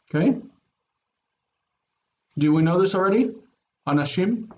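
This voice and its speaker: A man's voice: fairly high pitch, a little slow, a little mellow. A male Hebrew teacher giving an online grammar lesson, explaining patiently, repeating words and checking understanding with "okay?". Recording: dull lo-fi sound with faint noise.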